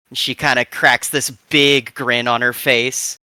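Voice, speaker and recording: A man narrating as game master in a relaxed, filler-heavy way, with lots of "uh" and "like". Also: mid-range voice, a little slow, few pauses, clean tone, no echo.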